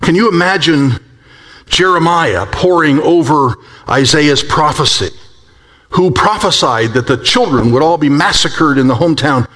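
A man delivers a sermon with a voice that sits a little high for a man. He swings from soaring, urgent exclaims down to hushed, low passages, and he acts out the prophets he quotes with a rising voice. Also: expressive, measured pace. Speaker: pastor.

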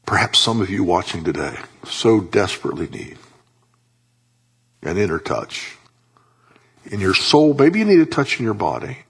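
A pastor preaching a sermon, pleading and impassioned, his voice dropping low and soft for emphasis. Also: big pitch swings, moderate pace, vocal fry, long pauses, slightly rough.

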